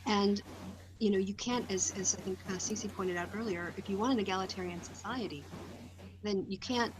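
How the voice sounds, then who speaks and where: A woman's voice: medium pitch, moderate pace, background noise. A woman hosting a casual online discussion, talking in a thoughtful, speculative way with many fillers over a video call. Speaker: host.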